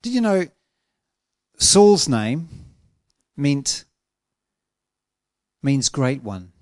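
A man preaching with earnest emphasis, leaning hard on key words and drawing some of them out slowly. His voice sits at an ordinary middle pitch. The sound is dry and close, with no room echo. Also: gravelly, a little mellow. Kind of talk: sermon.

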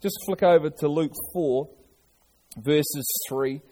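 Earnest preacher, fairly high voice. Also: male voice, slow pace, dark tone. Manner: earnest preaching with frequent restarts and repetitions. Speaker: pastor. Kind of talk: sermon.

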